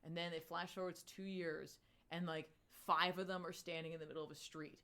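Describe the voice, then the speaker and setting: A woman co-hosting a comics podcast, casually recapping a book in a chatty, filler-heavy way with lively swings in pitch. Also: brisk.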